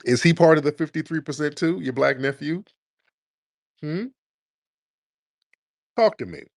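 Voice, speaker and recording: A man hosting a call-in show, taunting a caller with mocking, drawn-out repeated questions. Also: a little high, no echo, studio quality. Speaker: host of a call-in talk show. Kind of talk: confrontational call-in radio talk.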